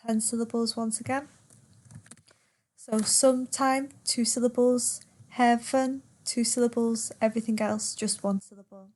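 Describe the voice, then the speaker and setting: A woman's voice: a little high, flat delivery, unhurried, a little mellow. A woman teacher in a poetry lesson who reads verse aloud and patiently repeats words to count their syllables.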